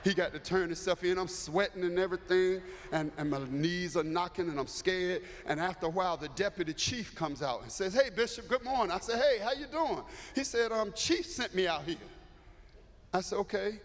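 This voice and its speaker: A man preaching as bishop, telling a story in an animated way and acting out the voices. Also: sits high, normal speed. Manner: animated, acts out voices, builds to shouting. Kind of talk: storytelling sermon. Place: large church sanctuary. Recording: echoey church hall, faint ambience.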